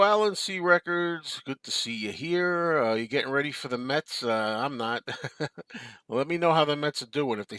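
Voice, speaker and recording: A man's voice: mid-range voice, fairly bright tone, no echo. A man hosting a live stream from his desk at home. He chats casually and reads out viewer comments, answering them in an easygoing way and chuckling often. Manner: easygoing, chuckling, talks back to chat.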